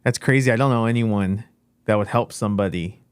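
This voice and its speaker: Male host, low register, animated personal storyteller; dry, close recording. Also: a little fast, smooth, dry recording. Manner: animated storyteller, acts out his own lines. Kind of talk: casual storytelling.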